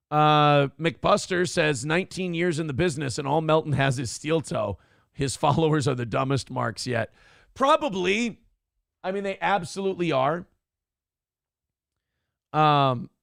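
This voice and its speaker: A man hosting a live stream in a blunt, combative way, swearing freely as he reads donations aloud. His voice sits a little high for a man, with a gravelly fry. The sound is close and dry. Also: a bit bright, no room sound. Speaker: host of a live-streamed morning show. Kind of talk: casual live-stream talk reading donations.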